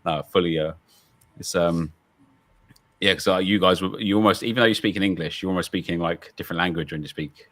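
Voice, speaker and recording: A man's voice: low voice, brisk, a bit bright. A man chatting casually on a livestream, laid-back with lots of fillers and easy laughter. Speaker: co-streamer.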